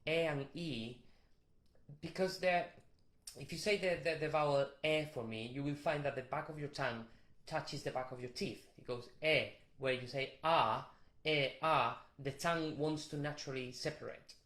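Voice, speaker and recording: A man teaching a vocal warm-up, explaining technique with restarts and short sung demonstrations. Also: fairly high pitch, normal speed, echoey room. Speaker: vocal coach.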